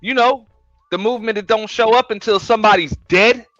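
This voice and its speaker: A man's voice: sits high, fairly quick, a bit bright, no echo, soft background music. A man hosting a show, giving a blunt, profane, emphatic rant in casual talk. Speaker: host. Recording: dull lo-fi, dry sound.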